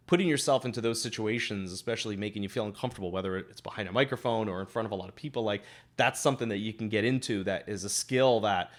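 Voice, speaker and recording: A middle-aged man, a guest entrepreneur, answering interview questions in a casual, animated, advice-giving way with frequent restarts. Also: lowish voice.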